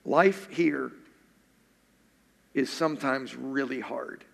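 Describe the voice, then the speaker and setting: A man's voice: mid-range voice, slow pace, gravelly, a bit bright. A male pastor preaching a sermon in an earnest way, repeating questions for emphasis. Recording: echoey hall.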